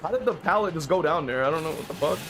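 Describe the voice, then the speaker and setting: High-voiced swearing gamer man. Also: expressive, racing, background noise. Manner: profane, frustrated rambling with filler words. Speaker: streamer playing a killer. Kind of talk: casual gameplay commentary.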